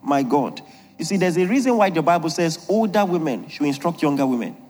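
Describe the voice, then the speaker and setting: A man's voice: a little high, animated, a little fast, darkish tone, in a large hall. A man preaching a humorous sermon on marriage, jokey and emphatic, laughing often at his own lines.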